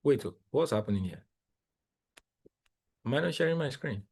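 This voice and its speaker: A young man, coaching traders live while sharing his screen, talking in an excitable, exclamatory, rambling way with lots of repeats. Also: mid-range voice, normal speed, husky. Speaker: trading coach. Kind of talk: live screen-share trading analysis.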